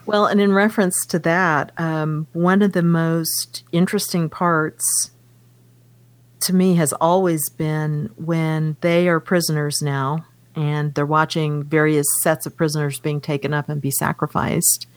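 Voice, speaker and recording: A woman's voice: sits low, little pitch movement, a little slow, no room sound. A woman co-hosting a casual book discussion, reading passages aloud from the novel between her comments. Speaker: podcast co-host.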